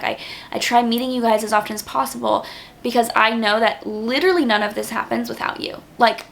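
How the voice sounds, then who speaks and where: A young woman in her twenties vlogs casually to camera, earnest and thankful, leaning heavily on "like." Her voice is a little high, creaky and a bit bright, with slight hiss or hum in the audio.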